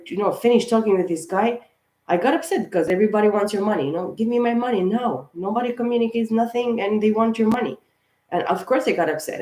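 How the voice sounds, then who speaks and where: With a fairly low-pitched, darkish voice, a tarot reader and channel host rambles chattily through a casual astrology reading to camera. The room is echoey, and she gets worked up, saying "of course" and "guys" over and over.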